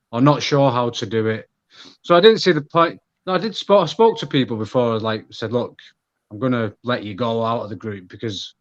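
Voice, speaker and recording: Mancunian man with dull audio. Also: medium pitch. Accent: Manchester. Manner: candid, rambling, many restarts. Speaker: guest. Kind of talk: casual podcast conversation.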